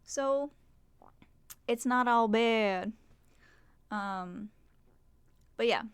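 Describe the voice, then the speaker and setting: Young woman streamer, slightly high, smooth voice, dry close mic, loose chatty swearing. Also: drawn-out words, pauses often, no room sound. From Mexican heritage. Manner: chatty, swears casually, trails off. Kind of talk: casual livestream chat. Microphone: desk microphone.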